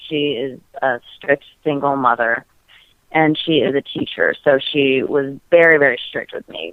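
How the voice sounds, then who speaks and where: A woman's voice: extremely low pitch, no echo. Giggly, frank woman on a tinny line. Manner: giggly, frank, heavy use of "like" fillers. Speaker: podcast guest. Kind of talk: candid casual storytelling. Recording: tinny phone-like dry audio.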